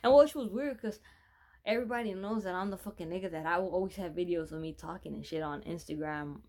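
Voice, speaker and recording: A man's voice: high voice, fast talker, a little mellow. A man telling a personal story in a casual, rambling way, correcting himself often and swearing freely.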